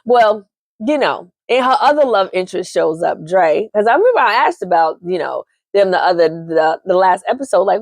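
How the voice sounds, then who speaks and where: A woman recapping a soap opera in casual chat, sassy and chatty with lots of animated asides. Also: medium pitch, normal speed, no room sound.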